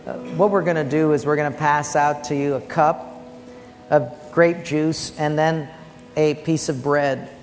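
A man's voice: a little high, measured pace. Storytelling male pastor in echoing hall. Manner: animated storytelling with loud acted quotes. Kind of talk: sermon. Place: church sanctuary. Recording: long church-hall reverb, faint music.

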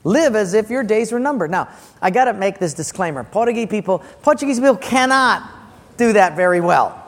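High-voiced pastor preaching in a hall. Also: male voice, a little fast. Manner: animated storytelling, acts out characters with loud outbursts. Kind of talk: sermon.

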